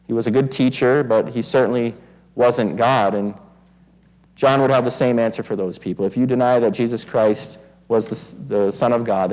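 A man's voice: medium pitch, darkish tone, low-quality recording. A man preaching an expository sermon in an earnest way, often repeating words as he restarts phrases. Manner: earnest, frequent word repetitions and restarts. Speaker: pastor.

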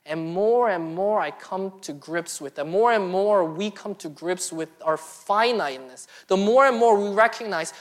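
A young woman preaching a sermon in an earnest way, dropping to hushed asides and rising to emphatic pleas. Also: lowish voice.

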